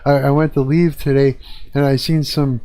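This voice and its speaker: A middle-aged man rants on a live stream from home. He rambles and swears, with an agitated, complaining edge. His voice sits at an ordinary male pitch and sounds close and dry, with no room echo. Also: flat delivery, moderate pace, mellow. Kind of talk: casual rant. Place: own apartment.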